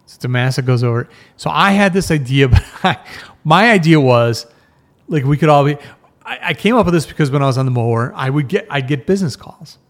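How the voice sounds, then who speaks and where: Rambling casual male podcast host. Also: mid-range voice. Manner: rambling, swears, laughs at himself. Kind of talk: casual chat.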